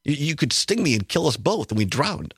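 A man puts on a wary frog, skeptical and cautious as it questions the scorpion. The tone is a touch high for a man and recorded dry and close. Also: very animated, brisk, a bit bright, slightly rough, no room sound, exaggerated voice.

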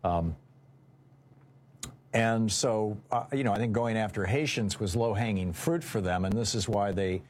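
Husky man, halting political commentary. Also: fairly low pitch, a little mellow. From United States. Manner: halting, with many fillers and restarts. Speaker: political talk show host.

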